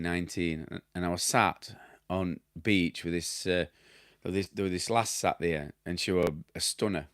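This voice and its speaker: A man's voice: sits low, dry recording, clean studio sound. A middle-aged man with a broad Yorkshire accent, chatting casually as he answers viewer questions, rambling, laughing at himself and losing his thread. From Yorkshire, England. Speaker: damp specialist and former plasterer answering viewer questions. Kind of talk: casual chat.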